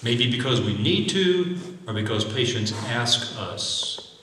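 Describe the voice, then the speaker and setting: A man's voice: medium pitch, lively intonation, takes it slowly, pushed and bright, recorded from a distance, slight background noise. Echoey man lecturing in a hall. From United States. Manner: earnest, exhortative, with acted doctor-patient examples. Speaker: physician giving a talk. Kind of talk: lecture to medical students.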